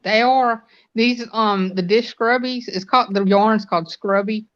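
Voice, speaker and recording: A woman's voice: mid-range voice, fairly even intonation, a little slow, no echo. An older woman chatting casually as a guest on a live stream, explaining things in rambling detail. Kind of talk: casual chat. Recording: dull lo-fi stream audio.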